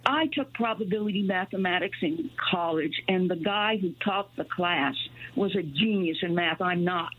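A woman calling in to a radio talk show, rambling and halting with many fillers. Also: lowish voice. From New Mexico. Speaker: caller. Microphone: telephone. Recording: tinny phone line.

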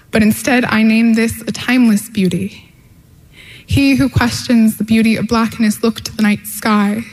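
A woman performs spoken word poetry in a lyrical, measured, rhythmic way. Her voice sits a little high, and a long reverb trails each line as if she is in a large hall. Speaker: poet. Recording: echoey hall.

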